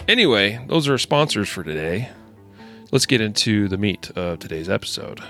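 A man's voice: lowish voice, big pitch swings, moderate pace, fairly bright tone, faint music behind. A man hosting a podcast, chatting casually and reading sponsor spots in an upbeat, conversational way. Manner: upbeat, conversational, with fillers and asides. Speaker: podcast host. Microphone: screen-sharing video call setup.

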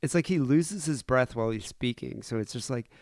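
A man co-hosting a comedy podcast, telling animated anecdotes and mimicking other people's voices in casual chat. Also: mid-range voice, brisk, gravelly, slight background noise. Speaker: podcast co-host.

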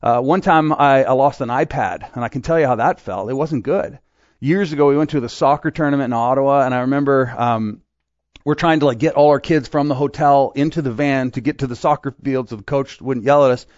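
A man's voice: mid-range voice, a little fast, no room sound, muffled recording. A middle-aged man from Quebec preaching a sermon in a casual, joking way, acting out little voices as he tells stories. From Quebec, Canada. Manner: conversational, joking, acts out voices in asides. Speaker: pastor.

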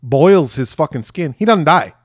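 A man's voice: fairly high pitch, expressive, moderate pace, no echo, clean studio sound. A man co-hosting a podcast, casually retelling a horror film's plot with plenty of swearing. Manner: swears freely, retells scenes with acted quotes. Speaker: podcast co-host. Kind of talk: casual film discussion.

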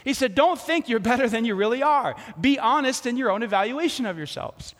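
Male pastor, sermon, high voice, swinging pitch, echoey hall. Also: fairly quick. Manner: animated storytelling with acted-out quotes.

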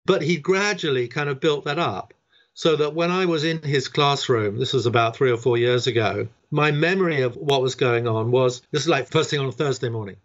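A man explaining ideas about classrooms in relaxed conversation, often checking in with "right?". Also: medium pitch, a little fast. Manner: chatty, peppered with "right?". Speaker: education guest. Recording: dull lo-fi sound.

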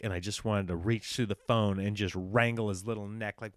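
Young guy, casual storyteller, animated and chatty, smooth voice, dry close recording. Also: on the low side, moderate pace, few pauses, no echo. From small-town United States. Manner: animated, acts out quoted dialogue, frequent fillers and restarts.

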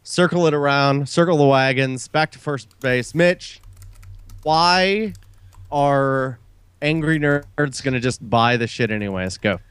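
A man's voice: mid-range voice, unhurried, a bit bright, clean tone, no echo. A man hosting a casual gaming podcast, playful and laughing often as he runs the segments. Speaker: podcast host.

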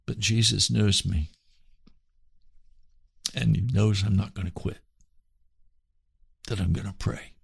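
A man's voice: on the low side, fairly even intonation, takes it slowly, gravelly, pauses often, husky, no room sound. A man preaching on his radio broadcast, earnest and pleading, often repeating phrases. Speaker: radio pastor. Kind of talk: radio sermon.

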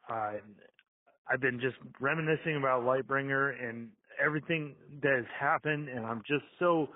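Drunk male caller, high-ish, rambling and overexcited, tinny phone voicemail. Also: slightly rough. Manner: excited, rambling, panicky, swears. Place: outdoors.

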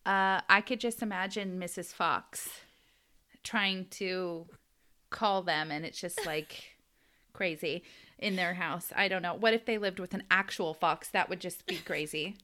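A woman's voice: fairly low pitch, steady tone, a little slow, pushed and bright. An American woman co-hosting a podcast, chatting casually and laughing often as she tells a story. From United States. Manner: giggly, storytelling. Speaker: podcast co-host. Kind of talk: casual chat.

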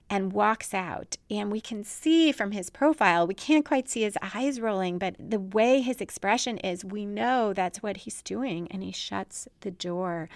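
A woman's voice: medium pitch, no room sound. Thoughtful woman with a dry, close sound. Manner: thoughtful, with frequent filler "like". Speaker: TV episode analyst. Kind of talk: casual scene analysis.

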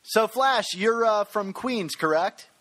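A man's voice: sits high, animated, takes it slowly, fairly bright tone. A man co-hosting a casual podcast, reading listener reviews and joking with his co-host. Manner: playful, reads listener reviews aloud.

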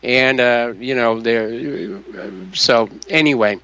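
Male radio host, halting with fillers, bright dry voice, slightly dull audio. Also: mid-range voice, smooth, dry recording. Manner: halting, many uh fillers, firm opinions. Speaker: radio talk show host. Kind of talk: call-in talk radio.

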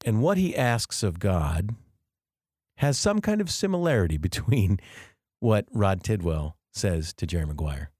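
A man with a very low, deep voice hosts a devotional podcast. He talks earnestly and reflectively and explains ideas step by step. The recording is dry, with no room sound. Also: big pitch swings, measured pace, a little mellow, husky, no echo. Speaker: podcast host.

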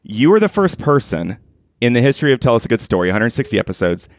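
A man's voice: mid-range voice, very animated, quick pace. A man co-hosting a podcast, introducing fun facts and bantering playfully with his co-host. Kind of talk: casual podcast chat.

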